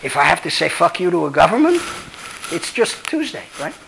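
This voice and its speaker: A man's voice: a little high, very animated, brisk, creaky, a bit bright, slight background noise, low-quality recording. A man, a law professor, giving a blunt, emphatic, profane lecture and answering audience questions.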